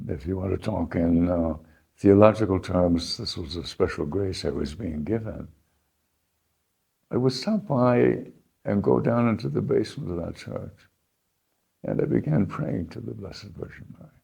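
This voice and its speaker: An older American man telling his life story in an unhurried, reflective way, pausing and restarting as he remembers. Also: sits low, expressive, vocal fry, warm tone, husky. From United States. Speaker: interviewee, founding principal.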